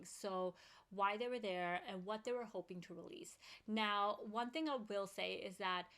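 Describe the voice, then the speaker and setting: A woman's voice: mid-range voice, a bit bright. A woman vlogger telling a personal story in an earnest, open-hearted and chatty way.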